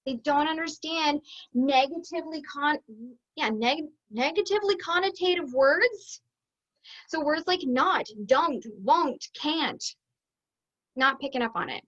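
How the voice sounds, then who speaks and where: A woman's voice: high voice, animated, unhurried, a bit bright, muffled recording. A woman business coach teaching an online masterclass, upbeat and conversational, acting out the thoughts she quotes.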